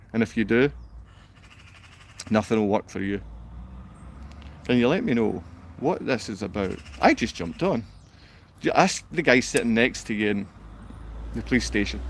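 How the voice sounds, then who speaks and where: A man's voice: mid-range voice, expressive, normal speed, pauses often, a little hiss or hum. A man livestreaming, reading comments from his chat aloud and answering them with a confrontational, insulting rant. He sounds downcast.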